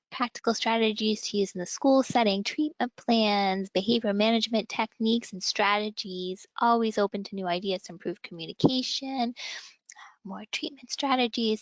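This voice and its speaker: A woman presenting a webinar, reading out a list of attendee questions with pauses, on a computer mic. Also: medium pitch, no room sound, rough recording.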